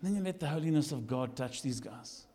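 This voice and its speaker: Lively preacher in a hall. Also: male voice, medium pitch, fairly quick. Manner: animated, jokey, swings from shouting to quiet asides. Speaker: lead pastor. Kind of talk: sermon. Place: church hall.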